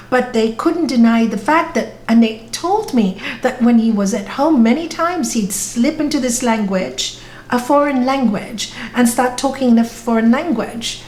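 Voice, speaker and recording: Woman teaching over an echoey video call. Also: a little high. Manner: storytelling, warm and earnest, with self-corrections. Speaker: spiritual teacher. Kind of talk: talk answering audience questions. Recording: echoey video call room with faint noise.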